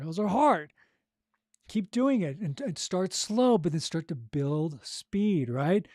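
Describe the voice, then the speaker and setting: A man's voice: sits high, lively intonation, measured pace, a little mellow, dry recording, studio quality. A man coaching audiobook narration on a podcast, encouraging and keeps checking in with "right?" and "okay?". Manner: encouraging, repeats "right?" and "okay?", demonstrates vocal exercises.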